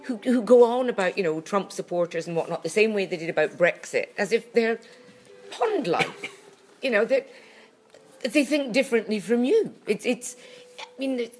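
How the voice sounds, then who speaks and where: A woman co-hosting a casual chat, halting and full of restarts, with a recurring cough. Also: mid-range voice, faint music behind. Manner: halting, full of restarts and fillers, animated when indignant. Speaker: podcast co-host.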